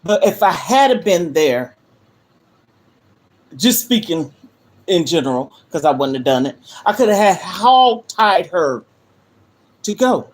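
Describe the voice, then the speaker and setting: A woman's voice: on the low side, big pitch swings, takes it slowly, pauses often. Earnest grandmother livestreaming from home. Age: older. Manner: earnest, emphatic, talks straight to viewers. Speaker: livestream host. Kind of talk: emotional livestream monologue. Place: her living room. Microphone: phone livestream.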